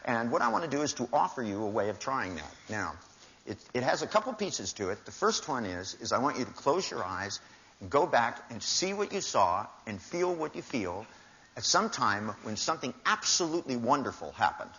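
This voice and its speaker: The voice is mid-range, pushed and bright, and very animated, moving at a normal speed. An older man is giving a seminar in a large hall with an audience, acting out dialogue in shifting voices within his wry anecdotes. The live recording sounds dull and lo-fi.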